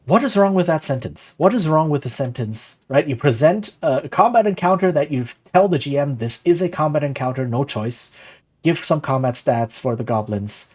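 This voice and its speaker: This streamer's voice sits fairly high and a little rough, moving at normal speed with few pauses. He chats animatedly about game design and running tabletop sessions, peppering his lines with "right?" while reading viewer comments out loud and responding.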